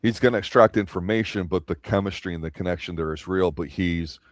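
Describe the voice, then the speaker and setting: A man with a very deep voice talks through a TV episode review in a chatty, animated way. The sound is dry and close, with no room echo. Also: brisk. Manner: chatty, asks questions, animated. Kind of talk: casual review chat.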